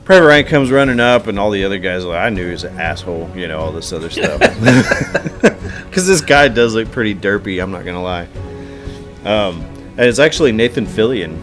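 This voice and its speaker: A man's voice: fairly low pitch, expressive, normal speed, music in the background. A man co-hosting a casual podcast chat, retelling scenes in a laid-back way with lots of fillers. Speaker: podcast co-host.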